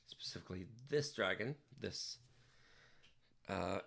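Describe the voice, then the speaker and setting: A man's voice: low voice, measured pace, gravelly, a bit bright. A man chatting casually on a livestream while he draws, rambling and joking with wordplay. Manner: playful, rambling, jokey wordplay. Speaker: digital artist livestreaming.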